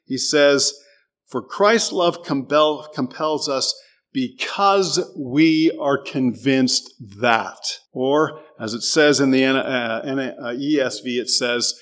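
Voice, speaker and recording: A man preaching a sermon. He asks his listeners questions and reads scripture aloud with deliberate emphasis. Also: mid-range voice, fairly bright tone.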